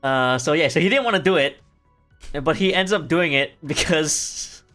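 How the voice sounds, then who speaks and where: A man's voice: on the high side, normal speed, sharp tone. A young adult man streaming from home, retelling a story in a rambling, casual way, swearing freely and laughing as he goes. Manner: rambling, swearing, laughing asides, many fillers. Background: faint music.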